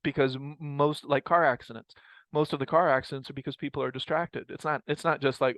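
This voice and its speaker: In a dry, lo-fi recording, a male mindfulness teacher leads a casual group study session on a practice. His mid-range voice is fairly even, brisk and a little bright, and he reflects in a rambling way, often correcting himself.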